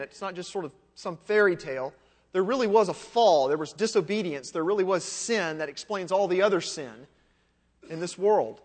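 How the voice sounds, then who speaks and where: Man, pastor, high voice, conversational sermon, rhetorical questions, long hall reverb. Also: a bit bright.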